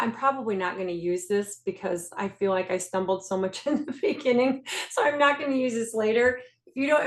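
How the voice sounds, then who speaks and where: A woman leading a faith-based health coaching group on a video call, earnest, repeating key phrases and laughing at herself. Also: a little high. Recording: echoey room.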